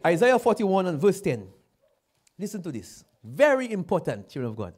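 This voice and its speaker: A man from Dominica, preaching a sermon, repeating his phrases and building to loud exclamations. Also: sits high, big pitch swings, moderate pace, breathy edge.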